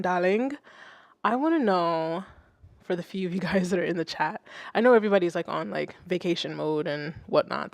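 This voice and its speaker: A woman's voice: medium pitch, dry recording, clean studio sound. Chatty woman hosting a music stream. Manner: chatty, swears freely, swings loud and soft. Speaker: music producer and stream host. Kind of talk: casual livestream chat.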